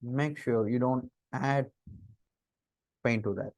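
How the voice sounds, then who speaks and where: A middle-aged man with an Indian English accent lectures on interview body language, speaking slowly in a mid-pitched, somewhat dark voice that rises to stress key words. He keeps throwing out rhetorical questions. The recording is dry and close, with no room echo.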